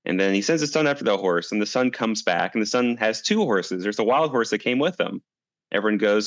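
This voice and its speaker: A man's voice: on the low side, animated, brisk, dry recording. A man being interviewed as a guest, talking in a thoughtful, reflective way and telling stories as he answers. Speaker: guest, climate coalition director.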